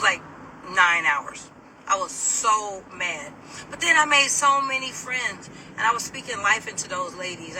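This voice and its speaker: A middle-aged woman telling a personal story to camera in a casual, animated, sassy way, laughing as she mimics people. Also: fairly low pitch, far from the mic, a little hiss or hum, low-quality recording.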